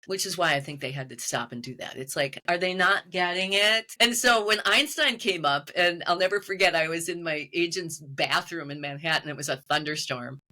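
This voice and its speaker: A woman being interviewed as a medium and author, telling her story in lively detail and acting out the voices of the people she quotes. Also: on the low side, normal speed, few pauses. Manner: animated storytelling, quoting voices. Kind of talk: conversational interview.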